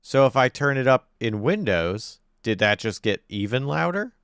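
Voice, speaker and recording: A man's voice: mid-range voice, animated, normal speed, a bit bright, clear, resonant tone, no room sound, studio quality. A man live-streaming from home, thinking aloud in casual chat while he fiddles with his desk microphone settings and gets frustrated.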